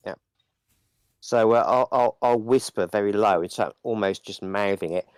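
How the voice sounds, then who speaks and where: Male player, low voice, dry recording; muses out loud, chimes in with quick agreement. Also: clear, resonant tone, dry recording. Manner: thinking aloud, quick agreeing. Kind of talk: casual table talk.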